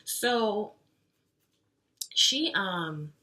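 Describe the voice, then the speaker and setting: With an expressive mid-range voice, drawn-out words, and a sharp tone, this young woman vlogs a story for her viewers. Her delivery is chatty and full of slang and fillers like "like."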